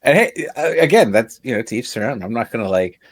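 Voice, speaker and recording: A man's voice: mid-range voice, lively intonation, fast talker, dry recording. A young man co-hosting a podcast in casual chat, easygoing and full of short reactions. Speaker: podcast co-host.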